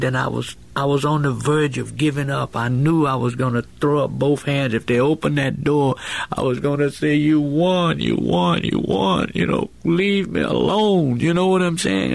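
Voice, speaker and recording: Gravelly-voiced man telling a personal testimony. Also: mid-range voice. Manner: plain-spoken, colloquial grammar, earnest and emotional. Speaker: former prisoner telling his story.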